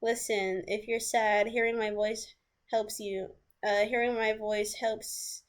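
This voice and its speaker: A man's voice: high voice, flat delivery, slow, clear, resonant tone. A woman mocking a sleazy, pushy young man. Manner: mocking funny voice.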